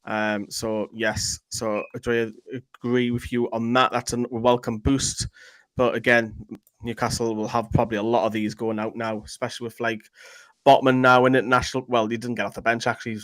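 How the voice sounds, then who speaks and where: Chatty, rambling male co-host reading viewer comments, dry close sound, mid pitch. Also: level tone, fairly bright tone, dry recording, low-quality recording. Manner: chatty, rambling, quick to joke. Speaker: fan channel co-host.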